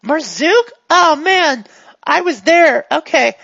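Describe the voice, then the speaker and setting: A chirpy, high-voiced male gang member, put on by a woman, eager to help and cheerfully forgetful. His voice is gravelly and husky and rings out loud. It comes through a dull, lo-fi recording. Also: lively intonation, takes it slowly, no room sound, full character voice. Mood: chatty. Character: dazed, overfriendly male gang member who keeps glitching.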